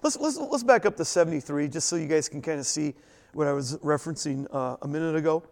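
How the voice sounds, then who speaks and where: A man leading a Bible study in a lively, conversational way, asking his listeners questions as he goes through the text. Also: on the high side, fast, gravelly, big-room sound. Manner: animated, conversational, asks the group questions. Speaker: Bible teacher.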